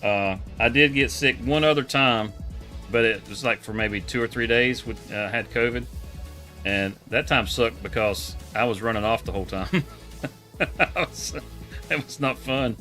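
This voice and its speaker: A man hosting a live stream, chatting casually in a relaxed, rambling way and laughing often. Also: medium pitch, a little slow, faint music behind. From Texas. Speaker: livestream host.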